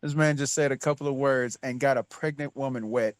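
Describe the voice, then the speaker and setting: A woman's voice: a bass voice, fairly even intonation, fairly quick. A woman narrating as game master, blunt and crude, laughing as she talks. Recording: clear background noise.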